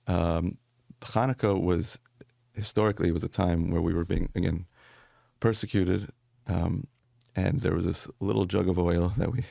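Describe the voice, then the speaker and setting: A man's voice: low voice, vocal fry, mellow, dry recording, studio quality. A man, a rabbi, telling stories earnestly in a conversational interview, with light laughs.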